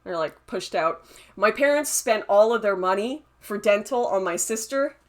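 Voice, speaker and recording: A woman's voice: medium pitch, lively intonation, moderate pace. Chatty young woman livestreamer. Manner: chatty, laughs often, answers chat comments. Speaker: livestream host reading chat. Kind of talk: casual livestream chat.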